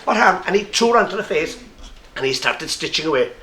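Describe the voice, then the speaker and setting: A man with an Irish accent telling a comic story live to an audience, lively and playful. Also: fairly high pitch, fast talker. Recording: echoey room with faint noise.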